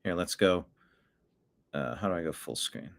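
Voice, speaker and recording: A man's voice: low-pitched, animated, moderate pace, gravelly. A man hosting a casual online commentary show from his home desk, chatting and talking to his cat between stories. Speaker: host.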